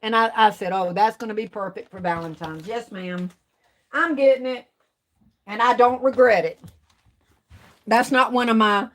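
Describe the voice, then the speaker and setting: A woman's voice: medium pitch, a little hiss or hum. A woman, chatting casually with viewers on a craft livestream and drawing out her words. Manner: chatty, drawn-out, talks to viewers. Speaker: craft vlogger.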